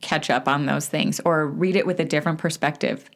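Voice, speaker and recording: Chatty Southern woman, low voice. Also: fairly even intonation, brisk, vocal fry. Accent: Southern American. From American South. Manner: laughs often, easy and chatty. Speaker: podcast co-host. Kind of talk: casual book club chat.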